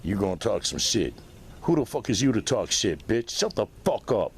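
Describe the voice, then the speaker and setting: Gravelly man in a profane rant. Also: fairly low pitch, very animated, moderate pace, slight background noise. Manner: profane, insulting, aggressive. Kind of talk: angry rant addressed at someone.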